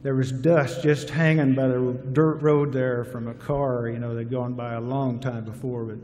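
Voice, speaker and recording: A man's voice: medium pitch, flat delivery, moderate pace, darkish tone. A man with a Southern US accent telling a folksy, humorous story at a graduation ceremony. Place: large hall at a graduation ceremony. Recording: reverberant hall, faint hiss.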